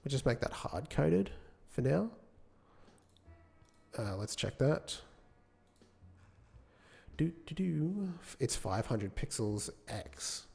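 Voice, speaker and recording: A man's voice: medium pitch, sing-song, takes it slowly, gravelly, pauses often, a little mellow. Man thinking aloud while coding. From United Kingdom. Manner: thinks aloud, self-correcting; chats with viewers between tasks. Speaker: game developer streaming. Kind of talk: casual live-coding commentary.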